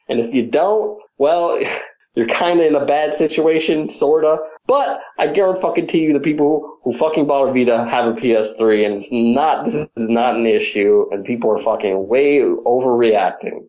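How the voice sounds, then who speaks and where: A man ranting heatedly about games on a podcast, swearing constantly, his voice climbing high when angry. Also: moderate pace, darkish tone, muffled recording. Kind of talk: profane ranting gaming chat.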